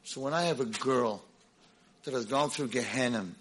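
A man's voice: medium pitch, moderate pace, fairly bright tone, a little hiss or hum. A man, a rabbi and educator, giving an emphatic storytelling lecture to a convention audience. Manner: emphatic storytelling, acts out dialogue.

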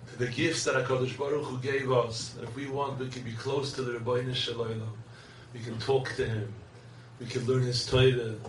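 A man delivers a sermon in an earnest, preacherly way, weaving stories and chanting Hebrew verses. His voice sits at an ordinary pitch for a man. The sound is roomy and picked up from a distance, with faint ambience behind it. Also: slight background noise. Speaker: rabbi. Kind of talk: sermon with storytelling. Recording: echoey room, distant mic, faint ambience.

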